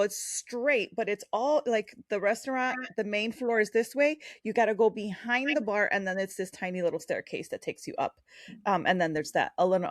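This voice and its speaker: A woman's voice: mid-range voice, dry recording. Woman telling a rambling story, dry sound. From Chicago. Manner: rambling anecdotes with fillers and restarts. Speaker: podcast co-host. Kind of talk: casual chat, storytelling.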